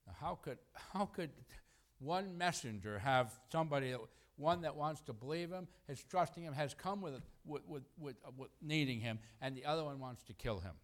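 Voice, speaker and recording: Preaching at a moderate pace, a middle-aged man with a somewhat high voice keeps things animated and conversational. He dramatizes the quotes he uses and chuckles between points.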